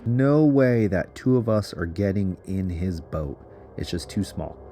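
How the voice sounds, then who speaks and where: A man's voice: sits low, lively intonation, a little slow, warm tone, slight background noise. A man casually narrating an adventure story in a chatty, giggly way, full of fillers. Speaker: underground explorer.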